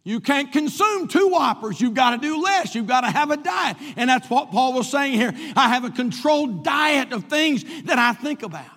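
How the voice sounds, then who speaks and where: A man's voice: extremely high pitch, expressive, normal speed, hardly any pauses, fairly bright tone. A man preaching a sermon as pastor, stretching out key words for emphasis. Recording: long reverb of a large hall.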